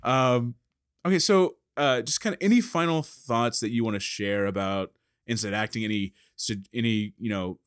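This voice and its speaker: In a dry, clean studio recording, a man hosting a podcast chats casually at a moderate pace in a clear, resonant, medium-pitched voice. He rambles, leaning on fillers and restarts, and laughs frequently.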